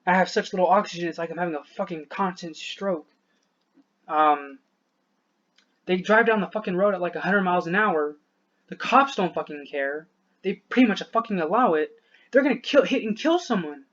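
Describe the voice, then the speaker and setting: A man with a fairly high voice rants into a dull, lo-fi recording. He sounds short of breath and worn down, rambling, breaking off mid-thought and cursing often. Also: a bit bright. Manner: frustrated, rambling, swears a lot, trails off. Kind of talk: venting to camera.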